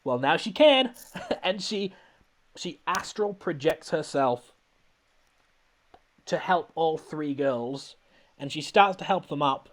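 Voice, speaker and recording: A man's voice: a little high, animated, slow, pauses often. A man hosting a podcast, recapping a film in casual comedic chat, rambling and laughing often.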